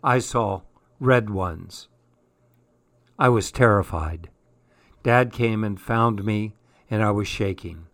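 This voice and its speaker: A man reading a spooky children's story aloud, measured and steady. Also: fairly low pitch, dry recording. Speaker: story reader.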